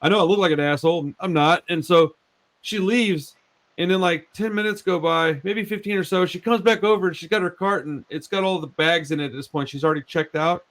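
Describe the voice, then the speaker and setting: A man in his forties hosting a podcast, talking in a relaxed way, often saying dude and bro and repeating words as he tells animated stories. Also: high voice, a little fast. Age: 40s. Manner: laid-back, says dude and bro a lot, repeats words; animated storyteller. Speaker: podcast host. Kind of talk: casual chat.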